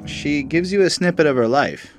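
A man's voice: on the high side, lively intonation, moderate pace, slight background noise. A man in his thirties co-hosting a music review podcast, talking in a candid, profane and reflective way. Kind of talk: casual chat.

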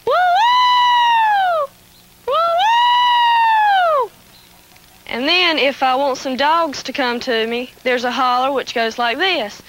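A woman's voice: sits high, moderate pace, few pauses, pushed and bright, lo-fi sound. A young woman, eagerly explaining the hollers she learned from her family. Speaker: holler contestant. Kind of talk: casual explanation with demonstrations.

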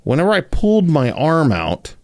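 A man co-hosting a casual chat, telling stories in a laid-back, drawn-out way. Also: a little high, huge pitch swings, creaky, a little mellow, no room sound, clean studio sound. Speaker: podcast co-host.

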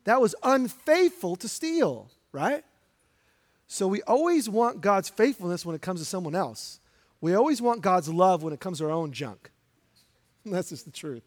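A man's voice: high-pitched, sing-song, moderate pace. A man, a pastor, preaching a sermon in an emphatic, direct way and putting questions to the congregation. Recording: long hall reverb.

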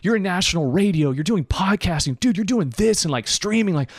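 A man's voice: high-pitched, lively intonation, a little fast, no room sound, clean studio sound, voice pushed up. A man voicing a lost young male friend who is frustrated that he cannot settle on a job. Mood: exasperated.

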